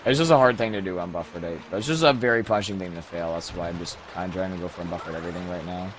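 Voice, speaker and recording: Deep-voiced man muttering through a speedrun. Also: racing, background noise. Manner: mumbling, trailing off, swearing at the game. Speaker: speedrunner streamer. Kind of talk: casual live-stream gameplay commentary. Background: game music.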